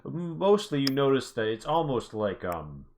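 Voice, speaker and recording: A man's voice: mid-range voice, sing-song, measured pace, darkish tone, slight background noise. A man running a tabletop horror game as game master, rambling and joking with many fillers.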